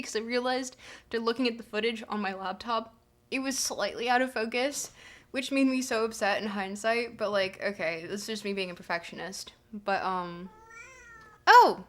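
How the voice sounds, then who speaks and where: A woman's voice: fairly high pitch, fairly even intonation, normal speed, a bit bright. A young woman streaming live, chatting casually, bubbly and giggly as she gushes thanks to her viewers. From Canada.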